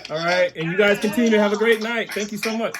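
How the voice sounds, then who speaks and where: A man doing an animated stand-up set over a video call, laughing along with his own jokes. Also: high-pitched, fast, a crowd in the background. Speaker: stand-up comedian.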